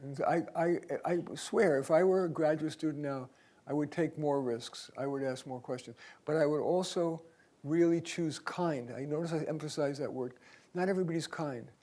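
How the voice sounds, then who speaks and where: An older man, a career coach, giving a lively, conversational seminar talk in a university auditorium, swinging between soft asides and loud emphatic points. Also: on the high side.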